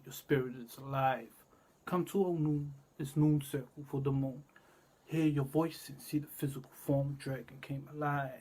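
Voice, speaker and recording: Husky man in a cryptic rambling monologue. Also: medium pitch. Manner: cryptic and repetitive, drifting between murmurs and loud bursts.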